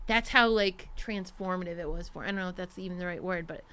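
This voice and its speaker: Giggly bright-voiced woman podcast host. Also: fairly low pitch, fast, clear, resonant tone. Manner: giggly, self-mocking, loose and profane. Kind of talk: casual comedy chat. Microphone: studio microphone.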